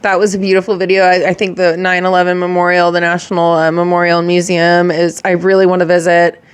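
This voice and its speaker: A young adult woman hosting a reaction video, talking in a halting, emotional way with sighs and restarts. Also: fairly low pitch, monotone, clean tone. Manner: halting, sighing, emotional talk. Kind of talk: casual reaction vlog.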